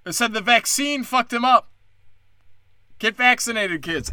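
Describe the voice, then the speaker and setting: A man's voice: very high voice, sing-song, normal speed, pushed and bright, dry recording. A young man ranting in a combative, sarcastic monologue, cursing and mocking his critics. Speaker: comedian.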